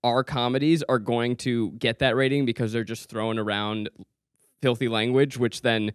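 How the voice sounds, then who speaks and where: Guy on a movie podcast, dry close sound, jokey and animated. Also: mid-range voice, normal speed, smooth, no room sound. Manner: animated, jokey, acts out quotes. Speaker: podcast co-host. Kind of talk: casual chat.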